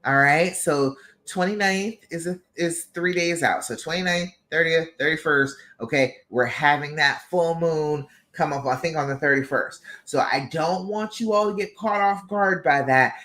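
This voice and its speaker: A woman's voice: sits low, normal speed, fairly bright tone. Encouraging woman love coach on a live show. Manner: encouraging, keeps checking in with "okay?". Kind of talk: live-stream coaching talk.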